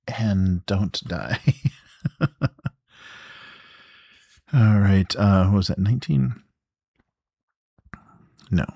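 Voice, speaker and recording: A man playing a solo board game adventure, reading the story text aloud with relaxed, muttered asides. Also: deep voice, drawn-out words, gravelly, long pauses, breathy edge, dry recording, clean studio sound.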